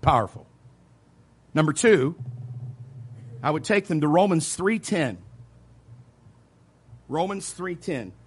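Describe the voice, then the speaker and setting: A pastor preaching a sermon, earnest and emphatic, repeating key points, with quiet asides between louder stresses. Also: male voice, fairly high pitch, expressive, takes it slowly, pauses often, husky. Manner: earnest preaching, emphatic repetition, occasional soft laughs.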